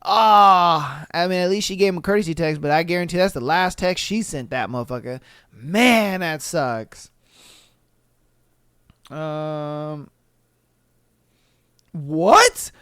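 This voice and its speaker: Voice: mid-range voice, slow, long pauses, clean tone, dry recording, clean studio sound. Laughing, profane podcast host. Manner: profane, laughing, animated reactions. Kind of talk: reading and reacting to listener stories.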